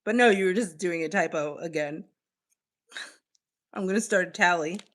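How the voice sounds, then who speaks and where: A woman's voice: fairly low pitch, normal speed, a bit bright. A woman streamer in casual livestream chat with viewers, playful and teasing, with casual swearing, snacking while she talks.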